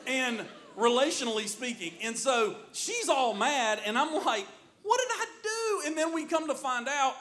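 A middle-aged man preaching a sermon as pastor, in an animated, joking storytelling manner. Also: extremely high pitch, normal speed, hardly any pauses.

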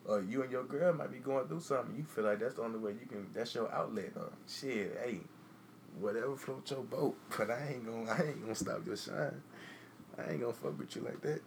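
A fast-talking man with a low, gravelly voice, chatting bluntly on a podcast. He swears freely and acts out the lines he would say. Faint background noise sits under the voice. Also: expressive. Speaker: podcast co-host. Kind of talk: casual chat.

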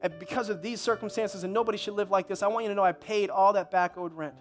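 A man's voice: sits high, fairly even intonation, fast, soft background music, natural voice. A man voicing a kind, well-dressed new landlord who speaks politely, apologizes and reassures. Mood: reassuring.

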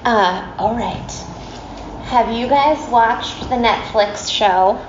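A woman chats to a class in a casual storytelling way, with lots of fillers and little laughs. Her voice sits a bit high. The room is echoey and the sound a bit muffled. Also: extremely slow, slight background noise. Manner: chatty, many fillers, laughs often.

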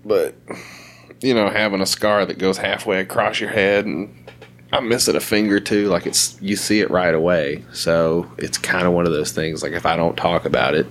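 A man's voice: low-pitched, fairly even intonation, moderate pace, a bit bright. A young man hosting a casual podcast chat, blunt and profane, laughing often between remarks. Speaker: podcast host.

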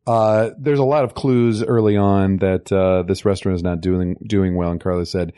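A man's voice: sits low, fairly even intonation, moderate pace, dark tone, clear, resonant tone, no echo. Man, podcast co-host, casual film chat, chuckling recaps, dry close sound.

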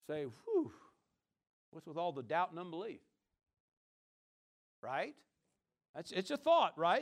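A male pastor preaching a conversational sermon, often checking in with his listeners. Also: high-pitched.

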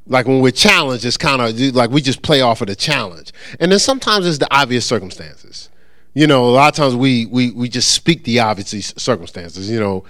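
A pastor with a mid-range, fairly bright voice delivers an interactive sermon, calling on his congregation to answer and joking with them as he acts out quoted voices. The recording is dry and clean, with studio sound.

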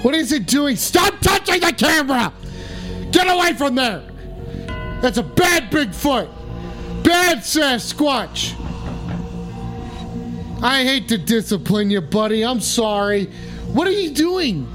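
High-pitched, slow-talking excited man. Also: over music. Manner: excited yelling, profane, rambling. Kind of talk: comedic live commentary.

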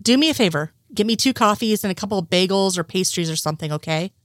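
A woman's voice: mid-range voice, lively intonation, fast talker, dry recording, studio quality, lightly acted. A woman reading the lines of an exasperated male FBI agent in her own voice.

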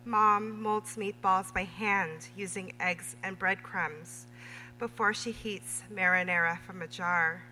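A woman reading her own memoir prose aloud at a literary reading, measured and deliberate. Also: medium pitch, fairly even intonation, sharp tone, faint music behind. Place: reading event in a hall. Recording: reverberant hall with faint hum.

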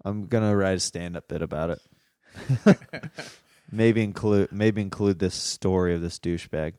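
A young man co-hosting a podcast, telling a story in a casual, animated, worked-up way. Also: low-pitched, moderate pace, clear, resonant tone, dry recording, clean studio sound. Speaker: podcast co-host.

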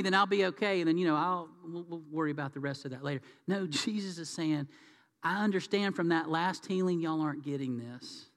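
Pastor, male, high voice, lively storyteller, big reverberant church hall. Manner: animated storytelling, acting out voices. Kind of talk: sermon.

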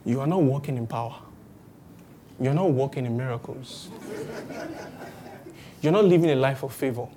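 A woman preaching a sermon, lively and acting out the voices of people she quotes. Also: very deep voice, normal speed, long pauses, slight background noise. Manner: animated, acts out quoted voices with exclamations.

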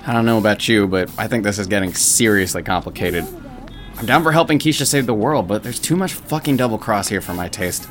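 This is a foul-mouthed, sarcastic musician in an audio drama, as a man voices them. The voice is fairly low and blunt, and it swears freely with a dry bite. Faint music sits in the background. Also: a little fast, fairly bright tone, lightly acted.

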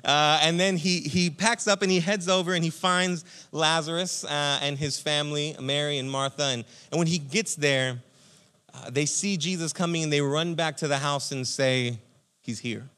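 A man pastor giving a conversational, energetic sermon, speaking to listeners as friends. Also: fairly high pitch, moderate pace, clean tone.

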